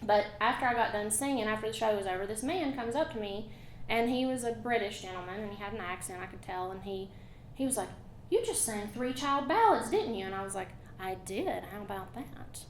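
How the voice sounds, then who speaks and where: A woman with an Appalachian accent, a folk ballad singer singing and chatting with a live audience in a chatty, storytelling way. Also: medium pitch. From Appalachian North Carolina. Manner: chatty, friendly storyteller with quick asides. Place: museum concert hall. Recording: echoey hall with faint room noise.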